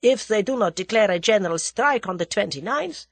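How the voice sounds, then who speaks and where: A woman's voice: medium pitch, lively intonation, brisk, slightly rough, no room sound, voice pushed up. Clipped german plotter voiced by a woman, formal and cold, dry sound. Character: German conspirator man, precise and formal.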